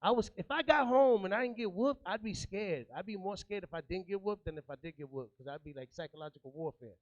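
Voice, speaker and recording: A man's voice: high-pitched, fast, dry recording, muffled recording. A man from New York in his thirties doing a stand-up comedy set, streetwise and chatty, working the crowd.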